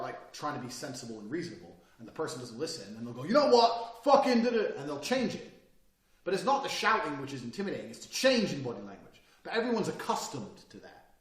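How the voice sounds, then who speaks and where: A man talking bluntly and profanely in a casual monologue, swinging between loud bursts and quiet, calm lines. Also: medium pitch, reverberant, distant mic.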